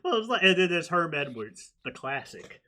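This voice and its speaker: A man co-hosting a podcast in casual chat, laughing often and mimicking others. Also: brisk. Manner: animated, laughing, imitates athletes in high voices. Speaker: podcast co-host.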